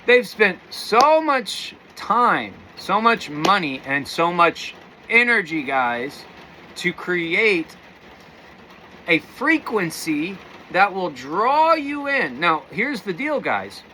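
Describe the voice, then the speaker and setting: A man's voice: sits high, sing-song, slow, bright, forceful tone, a little hiss or hum. A man giving a casual spiritual talk to viewers, rambling and calling them guys. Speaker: spiritual teacher.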